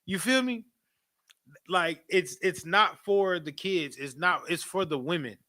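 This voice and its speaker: A man leads a class in a loose, preaching style, repeating himself and checking in with the room. His voice sits fairly high and rings bright and forceful, and he laughs often as he talks. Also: measured pace. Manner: animated, repetitive, frequent asides to the audience; laughs often while talking. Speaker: class teacher.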